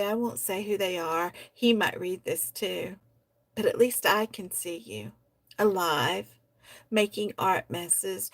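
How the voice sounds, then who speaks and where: A woman at a middle pitch reads poems at an unhurried, lingering pace, soft-spoken and heartfelt. Between pieces she chats warmly about the writing as a poetry stream host. The sound is dry and close, with no room around it. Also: dry recording. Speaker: host of a poetry society livestream. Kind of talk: reading members' poems aloud and commenting.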